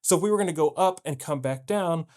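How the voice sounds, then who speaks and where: A man's voice: on the high side, fast talker. A man teaching a jazz piano lesson, explaining patiently and scatting rhythms aloud to show them. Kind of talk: video lesson.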